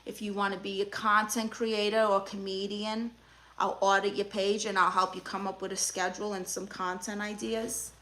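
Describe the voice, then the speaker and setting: Sassy bright-voiced Brooklyn woman. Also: medium pitch, little pitch movement, moderate pace. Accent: Brooklyn New York. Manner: sassy, teasing, flirtatious. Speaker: livestream host playing an aunt therapist. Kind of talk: live stream chat reading.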